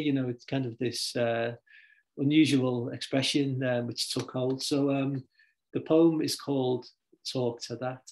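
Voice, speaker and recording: A man's voice: mid-range voice, fairly even intonation, normal speed, a little mellow. A man hosting a talk between poets, speaking casually with many ums and restarts. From Liverpool, England. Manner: hesitant, full of ums and restarts. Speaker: host poet and editor. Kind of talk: casual conversation.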